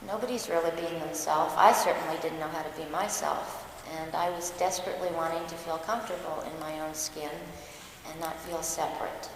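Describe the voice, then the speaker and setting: A woman's voice: deep voice, steady tone, brisk, slight background noise. A woman giving a personal storytelling talk, candid and self-mocking, often laughing at herself. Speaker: dharma talk speaker. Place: large church hall. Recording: echoey hall recording with long reverb.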